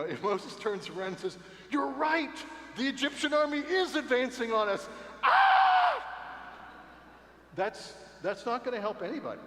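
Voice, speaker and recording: A man teaching an adult Sunday school Bible class, talking conversationally and checking in with 'right?' and 'okay?'. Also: fairly high pitch. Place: cathedral meeting space. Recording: echoey hall with long reverb.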